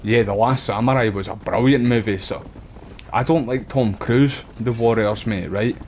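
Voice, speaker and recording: A man's voice: medium pitch, moderate pace, darkish tone, a little hiss or hum. A Scottish man chatting casually while streaming a game, rambling between stories. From Scotland. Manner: rambling, chatty, uses local slang. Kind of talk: casual gameplay chat.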